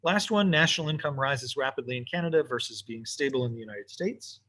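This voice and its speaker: A man teaching economics in a relaxed, offhand way, thinking aloud as he sketches graphs for an online class. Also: medium pitch, brisk. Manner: casual, talks to himself while drawing. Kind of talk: recorded lesson while sketching graphs.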